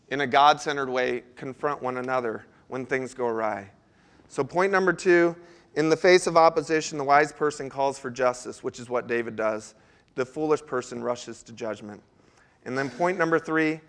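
A man delivers a sermon in a noticeably high, light voice. He talks to the congregation in an earnest, conversational way, often stopping to put questions to them. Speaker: pastor.

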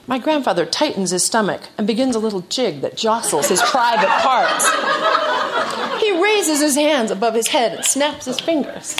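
A woman's voice: on the high side, heavy background noise. A woman giving a live reading of her personal essay on stage, with a wry storytelling delivery.

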